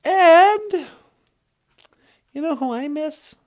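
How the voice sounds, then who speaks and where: A woman's voice: high-pitched, expressive, drawn-out words, a little mellow. A woman co-hosting a casual vlog, teaching an Ojibwe phrase of the day in a playful, goofy way and laughing often.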